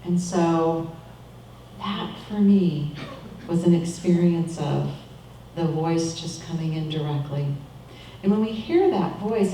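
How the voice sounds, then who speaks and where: A middle-aged woman giving a calm, measured, reflective sermon as a minister. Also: fairly low pitch, recorded from a distance, a little hiss or hum. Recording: echoey room, voice from off-mic.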